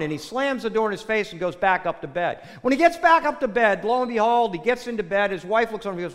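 A man preaching a sermon, telling a joke in a folksy, animated way before turning to a Bible reading. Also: sits high, quick pace, hardly any pauses. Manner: folksy storyteller, animated with acted quotes. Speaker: pastor. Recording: long hall reverb.

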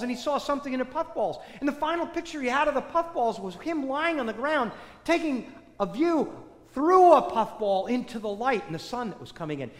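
A man preaching a storytelling sermon, animated, swinging between loud bursts and hushed, low passages. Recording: echoey hall with long reverb.

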